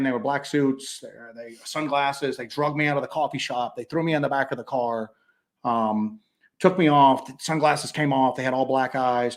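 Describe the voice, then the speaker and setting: A man co-hosting a casual livestream, rambling and animated, slipping into quoted voices as he tells stories. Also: medium pitch. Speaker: co-host.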